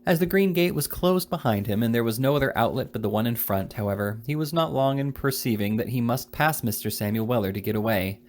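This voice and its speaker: Man, novel reading, amateur narrator, slightly halting, corrects slips, mid pitch. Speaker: reader. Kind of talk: audiobook reading of a classic novel.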